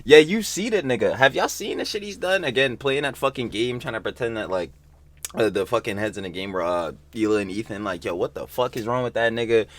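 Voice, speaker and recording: A man hosting a reaction video, loud, profane and quick to laugh, in casual slang-heavy commentary. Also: medium pitch, lively intonation.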